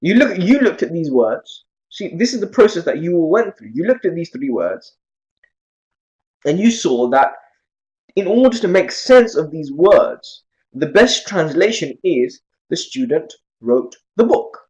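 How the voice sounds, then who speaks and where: Lively, fairly high-voiced male teacher. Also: a little slow, rough recording. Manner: lively, asks many questions. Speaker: Arabic teacher. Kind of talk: classroom lecture.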